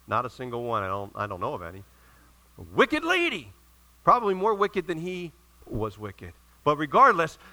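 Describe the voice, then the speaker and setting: A middle-aged male pastor preaching a sermon, retelling stories in a lively way and acting out the characters' lines. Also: a little high, rough recording. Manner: animated storytelling with acted-out quotes.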